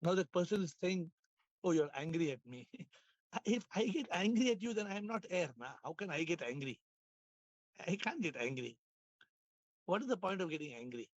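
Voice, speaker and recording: A man speaks in a voice gone hoarse, fairly high for a man. He teaches playfully over a video call, laughing and repeating himself. The sound is dry and a little dull. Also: lively intonation, moderate pace, pauses often, no room sound. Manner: playful, laughing, repeats phrases, asks questions. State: hoarse, lost his voice. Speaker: spiritual teacher hosting an online class. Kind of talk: casual spiritual class talk.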